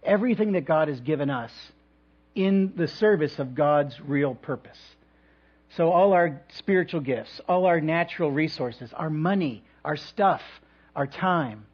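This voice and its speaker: A male pastor preaches a sermon in a church, pacing his thoughts with reflective pauses and touches of light humor. His voice sits on the higher side and carries a slight huskiness. The recording sounds dull and lo-fi. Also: husky.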